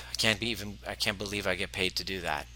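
A man's voice: low-pitched, steady tone, brisk, bright, forceful tone, slight background noise. A man hosting a podcast, earnestly telling a coaching story and acting out his client's lines. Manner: earnest, acts out client dialogue. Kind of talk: personal storytelling monologue.

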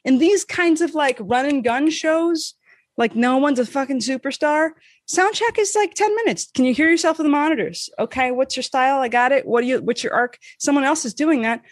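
A woman co-hosting a podcast, telling a story in casual chat, animated and swearing freely, acting out the voices she quotes. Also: high voice, brisk, no echo, studio quality. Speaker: podcast co-host.

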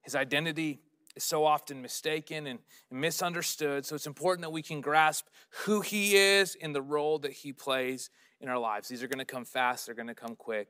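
A man's voice: on the high side, fairly even intonation, normal speed, sharp tone, smooth. A middle-aged man preaching a sermon as pastor, telling stories and building to emphatic peaks.

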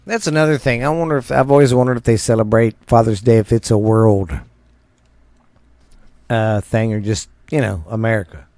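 A middle-aged man hosting a show, rambling through a countdown with crude, jokey asides. His voice is gravelly and sits in the middle range, recorded dry and close on a studio microphone. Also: mid-range voice, steady tone, moderate pace, a little mellow, no echo. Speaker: show host. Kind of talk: casual countdown commentary.

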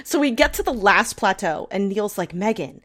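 Young woman podcast host, animated storyteller, squeals and fillers. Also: mid-range voice, normal speed. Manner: animated storyteller, acts out her own panic with squeals; frequent filler words, restarts. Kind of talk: casual chat.

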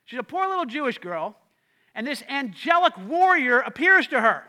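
High, bright-voiced preaching man. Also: sing-song, normal speed. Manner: emphatic preaching that repeats key lines and calls on the congregation. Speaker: pastor. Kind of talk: sermon.

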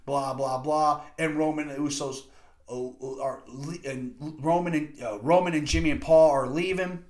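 A man with a slightly high-pitched voice talks through a wrestling event in a casual review. He recaps the action play by play, gets excited and swears freely. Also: normal speed. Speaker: wrestling podcast host.

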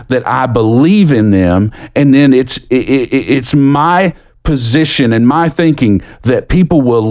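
A middle-aged American man preaching a sermon as a pastor, earnest, lifting his voice when stirred and dropping low and soft for scripture. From United States. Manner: earnest, builds with rising pitch and quickens when excited.

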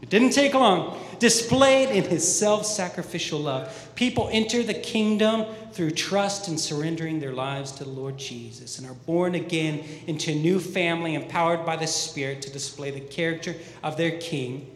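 Upbeat preacher in an echoey hall. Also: male voice, fairly high pitch, normal speed. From American Midwest. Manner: upbeat, joking, conversational. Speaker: pastor. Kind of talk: sermon. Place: church auditorium. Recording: echoey hall with long reverb.

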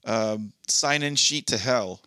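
A man's voice: lowish voice, slow, bright, forceful tone, no echo, clean studio sound. A man co-hosting a podcast in casual chat, reading listener posts aloud and swearing freely. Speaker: podcast co-host.

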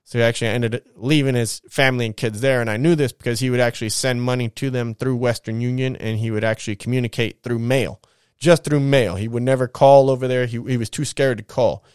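A man's voice: mid-range voice, fairly quick, clear, resonant tone, no echo, clean studio sound. A man hosting his own show, telling his life story in a casual, slangy, profane way and acting out the people in it. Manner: profane, slangy street talk; animated retelling with quoted voices.

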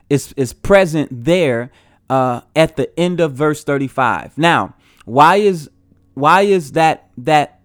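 A man's voice: a little high, smooth, dry recording, clean studio sound. A man giving an earnest recorded Bible teaching, often repeating and restarting his phrases as he explains.

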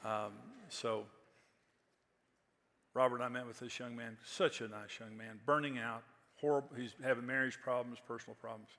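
A pastor in his sixties tells stories from the pulpit in an easy, conversational way, then presses his points with emphatic force. His voice is bright and forceful, with a long reverb trailing through a large hall. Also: mid-range voice, flat delivery, normal speed. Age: 60s. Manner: conversational, anecdotal, rising to emphatic peaks. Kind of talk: sermon with storytelling.

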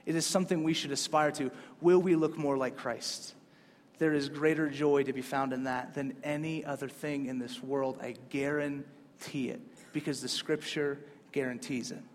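A man's voice: on the high side, fairly even intonation, moderate pace. A man preaching a sermon in a casual, conversational way, pushing up hard on key points. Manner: casual, conversational preaching with rising emphatic peaks. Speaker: pastor. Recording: long hall reverb.

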